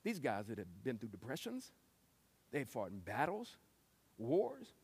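A man preaching a sermon, telling stories and acting out quotes with lively shifts. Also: medium pitch, unhurried, husky. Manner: lively storytelling with acted-out quotes. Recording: long hall reverb.

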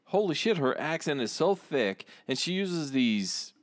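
A man's voice: on the high side, very animated, a little slow, dry recording, clean studio sound. A man co-hosting a podcast, talking in a casual, rambling way. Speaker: podcast co-host.

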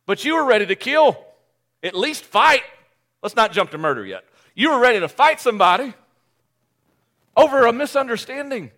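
A male pastor preaching a sermon, animated and joking at his own expense, often restarting his phrases. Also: extremely high pitch. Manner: animated, joking, self-deprecating, with quick restarts.

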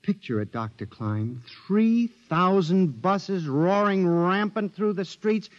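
A man's voice: high-pitched, lively intonation, slow pace. An actor playing a paranoid man accused of murder, narrating and pleading in an old-time radio drama. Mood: feverish. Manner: agitated, pleading, rising to screams. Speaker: narrator and lead character. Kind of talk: 1950s radio drama acting. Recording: dull old radio recording.

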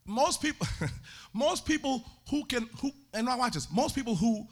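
A male pastor preaching a sermon in a church, swinging into sung and shouted climaxes. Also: very high voice, expressive, moderate pace.

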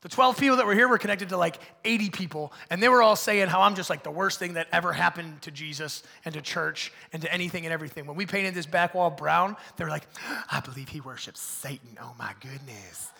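A man preaching a conversational sermon in a church, swinging between loud bursts and hushed asides. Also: high voice, fast, gravelly, hardly any pauses, long reverb tail. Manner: animated, swings from loud to hushed, acts out voices of others. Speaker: pastor.

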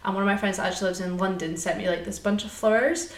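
A woman's voice: medium pitch, steady tone, fast talker. A young woman in casual chat, chatty and teasing. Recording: roomy echo.

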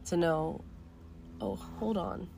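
Teen girl podcast host, lowish slightly hoarse voice, candid, rambling, swears casually. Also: slow pace, warm tone, a little hiss or hum. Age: teens. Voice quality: voice going hoarse. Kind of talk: casual reflective monologue.

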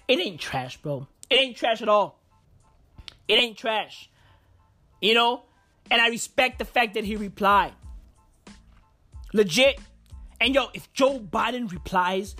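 A man's voice: sits high, pushed and bright. A man hosting his own podcast, ranting casually in profane street slang, repeating lines and leaning on fillers. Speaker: podcast host. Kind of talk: casual solo rant.

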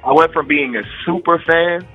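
A man from Maryland telling a personal story in a casual, animated way and acting out what people said. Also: a little high, moderate pace, breathy edge, narrow, tinny audio, faint music behind. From Maryland, USA. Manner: animated, quotes people as he tells it.

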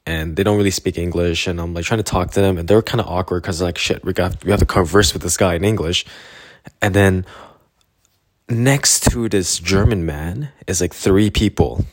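A man's voice: sits low, moderate pace, no echo, clean studio sound. A young man from Canada telling a rambling travel story in casual chat, laughing often and acting out the people he quotes.

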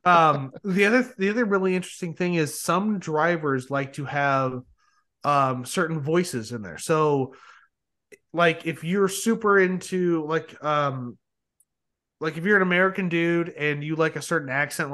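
A young man hosting a podcast, chatting casually in a rambling, excited way with plenty of swearing. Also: fairly high pitch. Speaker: podcast host. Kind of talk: casual chat.

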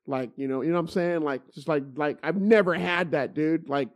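A man's voice: fairly high pitch, a little fast. A middle-aged man telling stories in casual chat, swearing freely and restarting his sentences with repeated words. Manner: profane, animated, many stammered restarts.

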